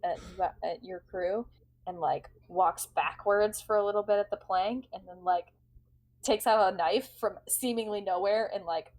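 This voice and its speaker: A woman's voice: medium pitch, a little mellow, low-quality recording. A woman narrating as game master, chatty and giggly, with many fillers.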